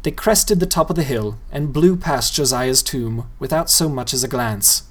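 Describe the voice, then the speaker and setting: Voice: mid-range voice, moderate pace. A playful reader narrating a novel aloud and addressing the listener directly. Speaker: storyteller.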